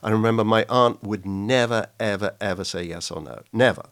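A man hosting and narrating, animated and conversational. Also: fairly low pitch, brisk, no echo. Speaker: interviewer and narrator.

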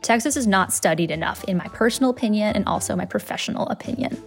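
A woman's voice: medium pitch, fast talker, gravelly, soft background music. A woman from Massachusetts, a linguist, answering interview questions in a casual, chatty way. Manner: casual, chatty, with many fillers.

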